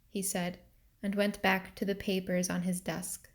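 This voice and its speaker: A woman narrating a novel excerpt for students in a calm, deliberate reading. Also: on the low side.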